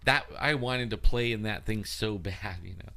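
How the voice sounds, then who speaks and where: A man with a fairly low voice co-hosts a paranormal talk show in easy, casual conversation. He rambles through his story, stringing it together with many fillers. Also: normal speed, gravelly, pushed and bright. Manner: rambling, full of "like" and "you know". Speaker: co-host and field investigator. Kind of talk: casual chat.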